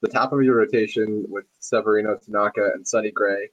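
A man co-hosting a casual sports podcast in a measured, hedging way. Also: fairly low pitch, fairly even intonation, dry recording, highs cut off. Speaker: podcast co-host.

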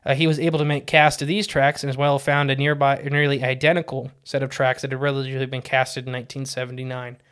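A man's voice: mid-range voice, little pitch movement, quick pace, hardly any pauses, fairly bright tone, clear, resonant tone. A man co-hosting a podcast in casual chat, telling cryptid stories in a rambling, jokey way and correcting himself as he goes. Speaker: podcast co-host.

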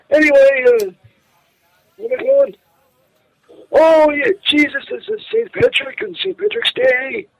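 A man voicing a rambling, tipsy Saint Patrick in a halting, slurred voicemail. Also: very high voice, vocal fry, exaggerated voice, rough recording.

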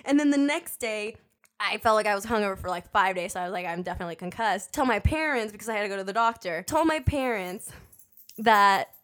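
A woman's voice: medium pitch, expressive, fairly quick, a bit bright. A young woman telling funny stories in casual chat as a co-host, laughing often and swearing freely. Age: young adult. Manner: laughs often, loose and profane.

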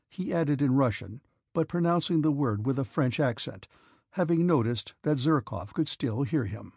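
A man narrating a classic novel as an audiobook in a steady, measured reading. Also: medium pitch, husky, dry recording, studio quality.

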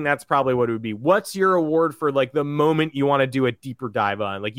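A man co-hosting a sports podcast in casual chat, telling stories in an animated way and acting out what others said. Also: medium pitch, no echo, studio quality. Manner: animated storyteller who acts out quotes.

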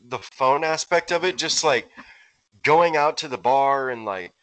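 A man's voice: medium pitch, animated, a little slow, a bit bright, dry recording, poor audio. A man co-hosting a podcast, joking crudely and rambling in casual banter with friends. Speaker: podcast co-host.

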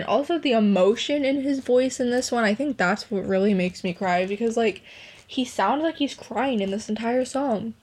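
Young woman gushing over songs, kinda high voice, says like a lot. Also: darkish tone. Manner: gushing, emotional, heavy use of "like". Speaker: podcast host. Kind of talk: casual music review chat.

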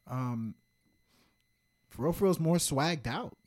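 Man from D.C., young adult, podcast co-host, animated, teasing, expressive pitch. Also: takes it slowly. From Washington, D.C. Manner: animated, joking, playful teasing. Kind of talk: casual music review chat.

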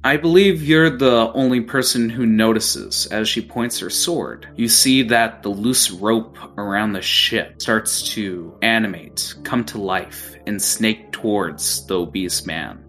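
A man's voice: on the low side, takes it slowly, few pauses, fairly bright tone, soft background music. A young man acting as game master, narrating a tabletop game in a vivid, casual way. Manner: vivid, casual, gory storytelling.

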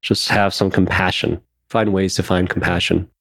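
A man co-hosting a casual podcast, speaking in a low, gravelly voice. He talks candidly and with feeling, with the odd curse word. The sound is dry and close. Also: level tone, normal speed, a bit bright, dry recording. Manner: candid, emotional, swears casually. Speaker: podcast co-host.

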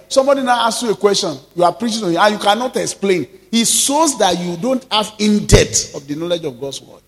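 A male pastor preaches with force, stretching key words and calling on his listeners to answer. His voice sits high for a man. The sound carries a long reverb, as in a church hall. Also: fairly bright tone. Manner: emphatic preaching, calls out to the congregation, drawn-out stressed words. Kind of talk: sermon.

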